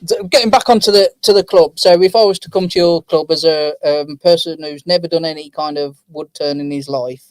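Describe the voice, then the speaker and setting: Teasing, slightly high-voiced male co-host. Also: steady tone, fairly quick, few pauses, no room sound. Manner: joking, teasing. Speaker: podcast co-host. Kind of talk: casual interview chat.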